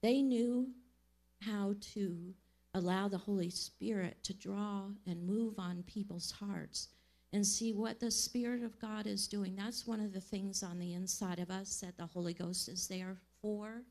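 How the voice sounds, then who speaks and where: Woman sharing a word in church, low gravelly voice, real slow and earnest. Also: fairly even intonation, a little mellow. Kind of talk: spoken prophetic exhortation. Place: church service.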